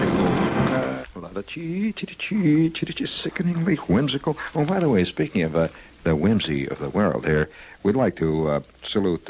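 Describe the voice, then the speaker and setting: Rambling, whimsical deep-voiced radio man. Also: low-quality recording. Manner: whimsical, digressive, full of "uh" and sudden squeaky voices. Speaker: radio host. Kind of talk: rambling comic radio monologue. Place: radio studio.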